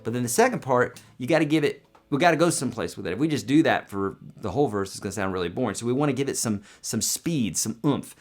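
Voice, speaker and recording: A man's voice: medium pitch, animated, fast talker, hardly any pauses. A man teaching a song on guitar in a live stream, talking casually and breaking into sung lines. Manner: casual, chatty explaining with sung demo lines. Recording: loud guitar playing behind voice.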